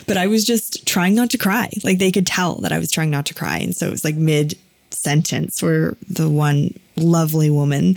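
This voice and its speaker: A woman's voice: lowish voice, gravelly, no room sound. A woman hosting a podcast, talking candidly and emotionally in a rambling way, full of fillers and restarts. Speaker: podcast host. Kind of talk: personal, candid podcast talk.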